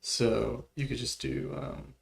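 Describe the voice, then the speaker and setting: A man's voice: medium pitch, little pitch movement, takes it slowly, vocal fry. A man casually talking through music notation on a livestream, mumbling and thinking aloud as he works. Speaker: music producer streaming his work.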